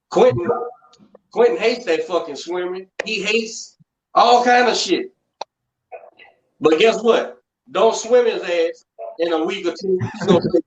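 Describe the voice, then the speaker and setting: A man's voice: on the high side, a little hiss or hum. A man who works as a strength and conditioning coach, talking in casual podcast chat and telling blunt, profane stories about the gym. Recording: echoey, dull remote call audio.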